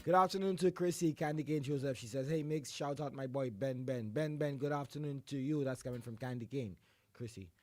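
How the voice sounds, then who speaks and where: A man hosting a radio show, his voice hoarse from the flu, loudly calling out greetings and shout-outs and then settling into quieter chat. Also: medium pitch, fairly quick, faint music behind. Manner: exuberant, shouts greetings, drops into a quieter voice between. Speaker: radio host.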